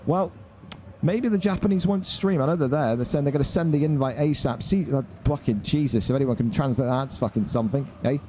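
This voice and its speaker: A man's voice: medium pitch, a little fast, dark tone, a little hiss or hum. A young man hosting a live esports stream, talking bluntly and swearing freely as he rants at his chat. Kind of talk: casual live-stream commentary.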